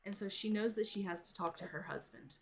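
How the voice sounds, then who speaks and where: A woman's voice: mid-range voice, brisk, soft background music. A woman narrating a life-simulation game as an ongoing story, chatty and rambling, often repeating herself. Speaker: gameplay narrator. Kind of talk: life-sim let's play storytelling.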